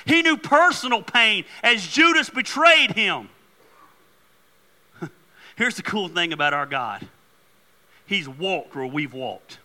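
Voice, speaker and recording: Middle-aged male pastor preaching, high-pitched and very bright, animated joker who turns earnest. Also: takes it slowly, long pauses. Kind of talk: sermon.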